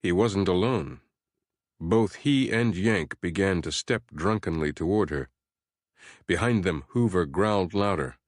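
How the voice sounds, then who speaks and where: A man narrating a horror audiobook in a measured, steady storytelling voice. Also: low-pitched, dry recording, studio quality.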